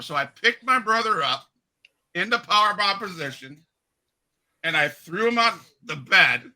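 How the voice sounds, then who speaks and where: Bright-voiced chatty man in his fifties. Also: on the high side, normal speed, poor audio. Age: 50s. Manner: chatty, animated storyteller. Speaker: podcast host. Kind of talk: casual interview storytelling.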